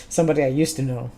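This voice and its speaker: A man's voice: on the high side, gravelly. Casual joking male game streamer. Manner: casual, joking, swears freely. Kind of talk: gaming livestream commentary.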